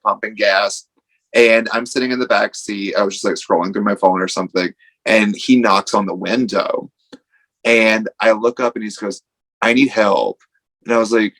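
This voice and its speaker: On a podcast, a wrestler guest rambles through a casual story, packing it with "like" and acting out the quotes. His voice sits on the low side with a fairly bright tone, and the recording quality is poor.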